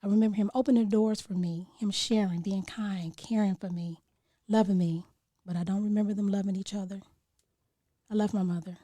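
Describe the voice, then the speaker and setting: A woman's voice: mid-range voice, fairly even intonation, brisk, mellow, no echo. A woman on a podcast reciting a spoken-word poem in an earnest voice that sinks at times into near whispers. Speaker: podcast guest.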